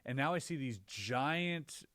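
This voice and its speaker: Animated man telling a wild story. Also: slow pace, dry recording, studio quality. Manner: animated storyteller, rising pitch when reliving scary moments. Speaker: podcast co-host. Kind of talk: casual storytelling chat.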